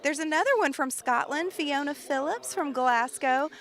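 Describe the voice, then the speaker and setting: A woman's voice: high voice, normal speed, fairly bright tone. A woman from Tennessee with a Southern accent, hosting a live-stream show in a bubbly, gushing way. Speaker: livestream host.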